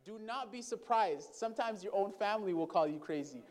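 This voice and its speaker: High-voiced man preaching a sermon. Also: lively intonation, a little fast. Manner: addresses the congregation as brothers and sisters; calls for responses from the congregation. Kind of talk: sermon storytelling.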